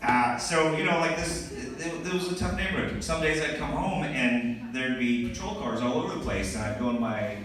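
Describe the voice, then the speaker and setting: A man doing stand-up comedy, telling a story with lively asides and laughing as he goes. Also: medium pitch, normal speed, few pauses. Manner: animated storytelling with laughing asides and put-on voices. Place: comedy club. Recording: echoey club recording from a distance. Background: audience laughter.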